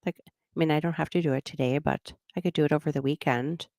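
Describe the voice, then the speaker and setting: A woman's voice: low voice, fairly even intonation, fast, a little mellow, no echo, studio quality. A middle-aged woman hosting a true crime channel, chatting casually and rambling with frequent laughs. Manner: rambling, laughs often, slips into goofy voices. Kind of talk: casual livestream chat.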